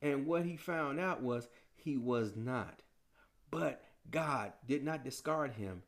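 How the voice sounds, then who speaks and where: A man's voice: mid-range voice, expressive, takes it slowly. A man preaching a sermon in a casual, slangy style, full of rhetorical questions.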